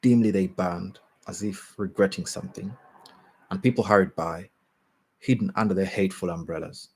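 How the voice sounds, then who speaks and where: A man with a very low, husky voice reads a short story aloud. His pace is measured, and he sometimes stumbles and restarts a phrase. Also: darkish tone. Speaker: reader.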